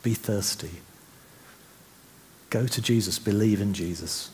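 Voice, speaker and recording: A man preaching a sermon, chatty and full of restarts, then slowing to soft, reflective passages. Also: on the low side, slight background noise.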